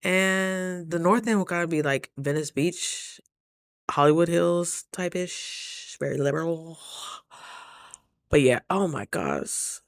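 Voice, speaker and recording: A woman vlogger from Idaho chatting casually to camera, telling stories with animated, loud quoted asides. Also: low voice, slow pace, no echo, studio quality.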